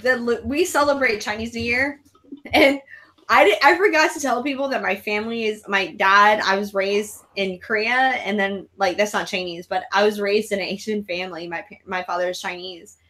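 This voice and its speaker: A woman hosting a live casual chat, telling rambling, excitable stories. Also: mid-range voice, moderate pace. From raised abroad in military families. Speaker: host of a live horror chat show.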